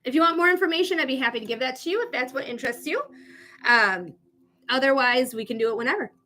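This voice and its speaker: A woman's voice: high-pitched, expressive, fast talker, pushed and bright, slight background noise. A woman hosting a live psychic reading stream, chatting casually with viewers and swearing now and then.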